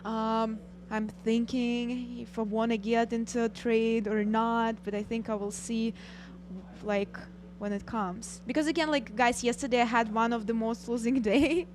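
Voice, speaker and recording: A woman's voice: a little high, little pitch movement, unhurried, darkish tone. A woman co-hosting a live stock trading stream, speaking casually and hesitantly with many fillers.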